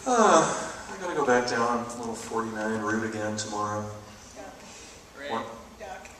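In a college auditorium, a man performs an animated stand-up routine, hopping between bits with mock outrage while the audience laughs behind him. His voice is fairly low at a normal speed, and the echoey hall was taped from far off, with background noise and laughter.

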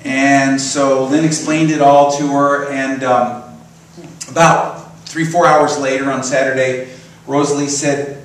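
A man's voice: mid-range voice, flat delivery, unhurried, a little hiss or hum. Male minister preaching in an echoey church. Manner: conversational storytelling with chuckles. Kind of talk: sermon. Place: church sanctuary. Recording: roomy echo, from far off, faint ambience.

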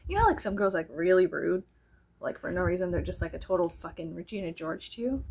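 A woman's voice: on the low side, sing-song, brisk, darkish tone, breathy edge. A woman from South Texas vlogging in a casual rambling monologue, chatty and joking, with frequent swearing and sudden drops to a whisper.

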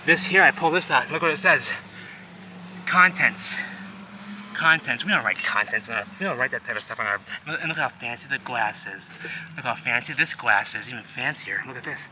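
A man vlogging outdoors, narrating as he digs through ruins, rambling and excitable and repeating himself. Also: medium pitch, brisk. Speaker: vlogger exploring urban ruins. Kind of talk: casual outdoor vlog narration. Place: outdoors in a wooded city lot. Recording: noisy outdoor camera audio.

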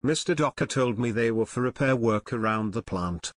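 A man's voice: medium pitch, moderate pace, dry recording, studio quality, natural voice. A man voicing Ken, a shy, earnest teenage boy who sounds a little hesitant.

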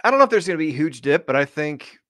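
Sarcastic profane podcast co-host. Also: male voice, a little high, big pitch swings, rapid-fire, bright, forceful tone, no room sound, clean studio sound. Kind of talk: casual podcast chat.

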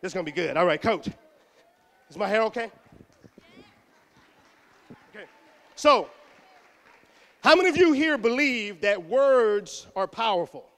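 A middle-aged man from Texas giving an animated motivational talk to students, acting out voices and shouting punchlines. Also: high voice, unhurried, long pauses. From Houston, Texas. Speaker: motivational speaker. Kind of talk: energetic motivational speech to students. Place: school auditorium. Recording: echoey hall.

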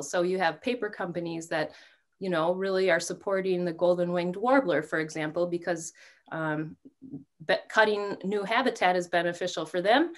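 A woman presenting an online workshop over a video call, talking in a relaxed way with many fillers. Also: on the low side.

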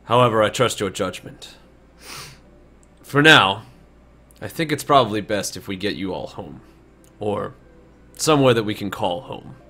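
A man voicing Jacob, a calm, courteous warrior leader in a tabletop game, speaking in measured, formal sentences. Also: lowish voice, full character voice. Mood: composed. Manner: measured, polite, formal speech.

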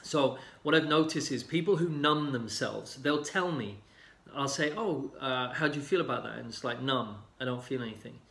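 A man in casual talk, explaining calmly with many fillers and sometimes acting out other people's lines. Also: medium pitch, normal speed, gravelly. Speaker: healing coach. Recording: roomy echo.

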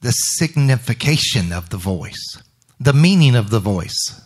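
A man's voice: medium pitch, sing-song, a little slow, slightly rough. A male minister giving a spontaneous, reflective sermon during worship and quoting scripture.

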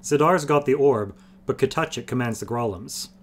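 A man's voice: mid-range voice, moderate pace, voice pushed up, natural voice. A man voicing an ancient, wry old male sorcerer who explains things blandly and patiently. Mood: wry explaining.

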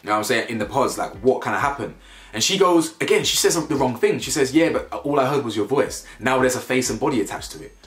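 A man's voice: medium pitch, lively intonation, fast, reverberant, faint music behind. A young man giving a casual, slangy reality-show review, laughing often and repeating his words. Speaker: TV review vlogger. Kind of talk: casual reaction commentary.

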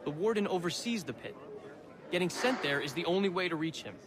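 An actor playing a wry, scheming middle-aged colonial forger locked in prison, in a video game cutscene. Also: male voice, high-pitched, expressive, brisk, noisy background. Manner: wry, sardonic, lecturing.

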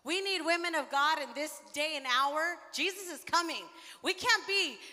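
High, bright-voiced woman preaching passionately. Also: normal speed, in a large hall. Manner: passionate preaching, rising to shouts. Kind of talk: sermon. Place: church sanctuary.

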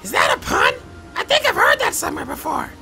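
A man voicing Toad, a hyper, goofy male mushroom sidekick, in a fan dub, rambling and shrieking in high falsetto. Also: very animated, brisk, vocal fry, over music, full character voice, poor audio. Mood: manic. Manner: shrieking, rambling, laughing at himself. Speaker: voice actor playing Toad. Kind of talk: fan-dub blooper outtakes.

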